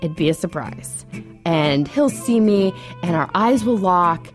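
A woman telling a personal story in a radio interview, chatty and animated, with many fillers and frequent laughs. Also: on the low side, measured pace, music in the background.

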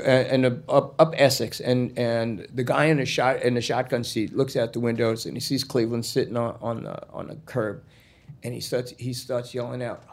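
A man telling a spoken anecdote in a rambling, profane way, full of restarts. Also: medium pitch. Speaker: storyteller.

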